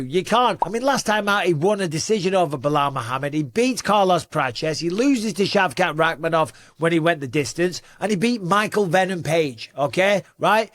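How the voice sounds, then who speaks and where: A man's voice: high voice, fairly bright tone, no echo, studio quality. A middle-aged man giving casual, emphatic fight commentary as host, often putting questions to his audience. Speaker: podcast host and MMA analyst.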